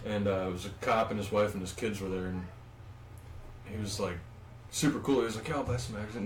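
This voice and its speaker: A man's voice: lowish voice, far from the mic. Rambling, foul-mouthed man on a podcast, recorded off-mic in an echoey room with faint hiss. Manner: profane, rambling, animated storyteller. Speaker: podcast co-host. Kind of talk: casual storytelling chat.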